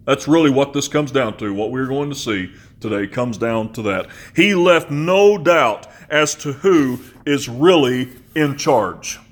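A man preaching a sermon in a measured, emphatic way, slowing on key phrases and slipping into conversational asides. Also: mid-range voice. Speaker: pastor.

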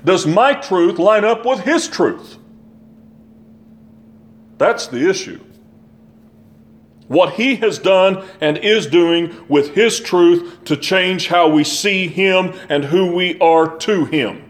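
An older man delivers a sermon in a fairly high voice. He speaks slowly and deliberately, leans on repeated phrases and puts rhetorical questions to his congregation. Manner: asks the listeners rhetorical questions. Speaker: preacher.

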